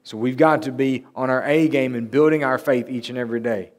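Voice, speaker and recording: A man preaching a church sermon in an earnest, conversational way. His voice sits at a middling pitch, and it lifts whenever he reads the verses aloud. He sounds like a preacher talking plainly to his own congregation. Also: a little fast. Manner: earnest and conversational, lifting his voice when reading scripture aloud. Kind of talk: sermon with Bible reading. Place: church service.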